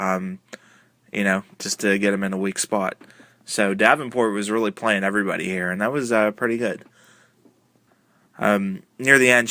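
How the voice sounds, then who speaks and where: A man with a lowish, bright, forward voice talks through a wrestling broadcast as a casual review, stringing events together loosely and padding them with fillers. The sound is dry and close, with no room around it. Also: no room sound. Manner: rambling, filler-heavy retelling with many uh and um.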